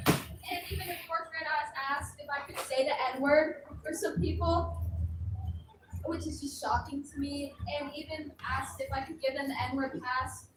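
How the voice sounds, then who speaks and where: A woman's voice: sits high, moderate pace. Young woman speaker, earnest and emphatic, caught far off in an echoey outdoor recording. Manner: earnest, emphatic, casual slang. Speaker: rally speaker. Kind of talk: impassioned rally speech. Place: outdoor rally. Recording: loud outdoor crowd noise, echoey and far off.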